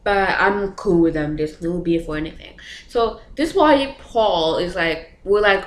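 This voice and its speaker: A woman's voice: lowish voice, unhurried, few pauses. A young woman vlogger telling a story in a casual, chatty way, full of filler words and nervous laughs. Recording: echoey room.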